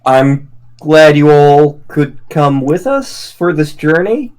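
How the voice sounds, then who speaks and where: A man closing out a game stream in loose, rambling chat, starting and restarting his sentences. His voice sits a bit high and swings up and down a lot. He talks slowly. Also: sing-song, darkish tone, clear, resonant tone. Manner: rambling, halting, with frequent restarts and laughs. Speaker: streamer co-host. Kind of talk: casual stream wrap-up chat.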